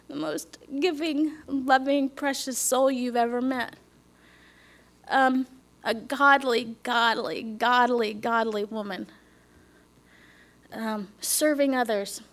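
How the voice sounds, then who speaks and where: A woman's voice: on the high side, steady tone, slow, fairly bright tone. Earnest middle-aged woman giving testimony. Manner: earnest, drops to a whisper, asks the audience questions. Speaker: speaker giving a church testimony. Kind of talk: personal testimony to a congregation.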